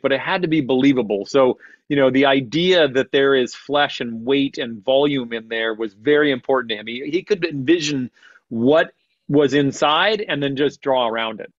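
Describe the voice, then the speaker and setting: A man presenting artwork from a gallery on a convention panel, chatty with halting restarts and frequent laughs. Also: mid-range voice, no room sound. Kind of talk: casual panel chat. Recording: slightly dull, dry audio.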